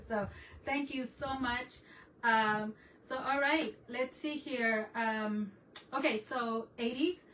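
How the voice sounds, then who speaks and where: A bright, sharp-toned woman chats excitedly through a home crafting livestream, mixing English and Spanish as she greets viewers. Her voice sits a little high and comes from a bit away from the mic, with faint noise in the room behind her. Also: slow, far from the mic, poor audio. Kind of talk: casual livestream chat.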